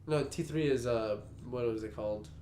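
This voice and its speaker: A man's voice: medium pitch, normal speed, mellow, a little hiss or hum. A young man co-hosting a casual podcast, chatty and asking eager questions. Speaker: podcast co-host. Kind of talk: casual chat. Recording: echoey room.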